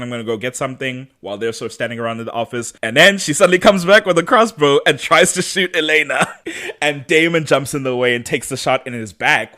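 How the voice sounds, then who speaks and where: A man's voice: medium pitch, a bit bright. A man co-hosting a podcast who chats casually through a TV episode recap and laughs often. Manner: chatty, laughs often, acts out quotes in voices. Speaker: podcast co-host.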